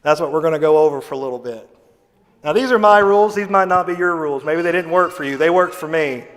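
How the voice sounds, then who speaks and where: A man preaching a sermon as associate pastor, folksy and humorous, swinging between loud emphasis and quiet asides. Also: on the high side, quick pace. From Missouri, USA. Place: church sanctuary. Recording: long church reverb.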